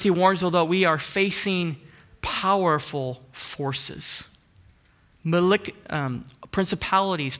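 A man preaching a sermon earnestly, asking rising emphatic questions and dropping into soft hushed asides. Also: on the high side. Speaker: pastor.

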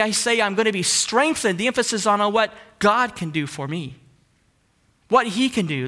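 A man preaching a sermon earnestly, asking rising emphatic questions and dropping into soft hushed asides. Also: high voice. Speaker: pastor.

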